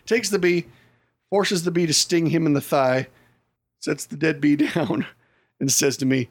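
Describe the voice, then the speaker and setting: A man's voice: a little high, fairly bright tone. A man on a casual podcast telling a story with animation and acting out his own reactions. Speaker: podcast co-host.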